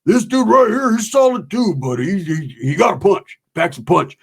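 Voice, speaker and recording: A man's voice: high-pitched, animated, moderate pace, husky, heavily acted. A man voicing a brash ex-con who talks in a blunt, pushy way. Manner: blunt and pushy, calls everyone brother.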